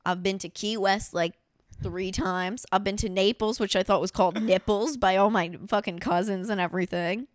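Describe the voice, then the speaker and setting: A woman's voice: medium pitch, steady tone, moderate pace, dry recording, studio quality. A woman comedian hosting a casual podcast chat. She rambles, swears freely and fills her talk with "like.". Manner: rambling and profane, heavy use of "like".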